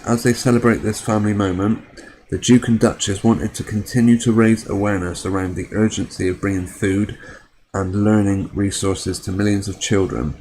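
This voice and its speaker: A man with a fairly low voice reads a news item on his live stream. He stops now and then to add skeptical, wry comments of his own. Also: darkish tone, a little hiss or hum. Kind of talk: reading a news story aloud, then commenting.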